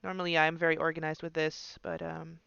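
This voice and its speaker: Bright, crisp-voiced game master. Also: mid-range voice, little pitch movement, fairly quick, dry recording, dull audio. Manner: patient, walks players through the interface. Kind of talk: running an online tabletop game.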